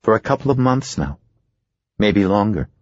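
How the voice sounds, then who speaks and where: A man's voice: on the low side, very animated, moderate pace, dry recording, lo-fi sound. A man voicing a forthright middle-aged wife from Iowa, earnest and pleading, in an audiobook. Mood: earnest, worried.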